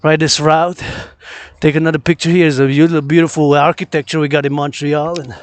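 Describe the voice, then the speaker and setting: A man from Quebec talks into a handheld phone while he moves around a city outdoors. His voice sits a touch high, and he speaks in a rambling, impassioned way, repeating words and phrases as he preaches. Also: level tone, fairly quick. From Quebec, Canada. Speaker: vlogger. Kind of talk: rambling outdoor vlog monologue.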